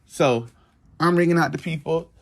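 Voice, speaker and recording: Animated, profane young man telling a story. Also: a little high, normal speed. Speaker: vlogger telling a work story. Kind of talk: casual storytelling to camera.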